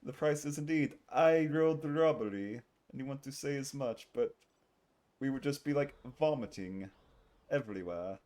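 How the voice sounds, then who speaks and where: This man streams a game while bantering in a playful, put-on British accent, hamming up the role of a tipsy, jolly bloke and laughing frequently in a jovial mood. He speaks at a normal pace in a mid-range, slightly mellow voice, lightly acted.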